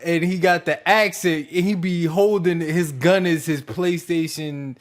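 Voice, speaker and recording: A man's voice: on the high side, a little slow. A man in casual podcast chat, telling a story with lots of laughter. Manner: animated storyteller, laughing often. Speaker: podcast guest.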